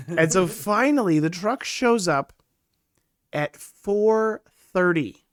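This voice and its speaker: Male podcast host, fairly high voice, dry close sound, deadpan anecdotes. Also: drawn-out words, pauses often, no room sound. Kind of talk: casual chat, storytelling.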